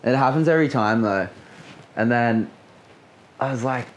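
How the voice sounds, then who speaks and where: A man's voice: medium pitch, normal speed, long pauses. A man in his late twenties with an Australian accent, a guest surfer telling a story in a casual, laid-back way, full of swearing and filler words.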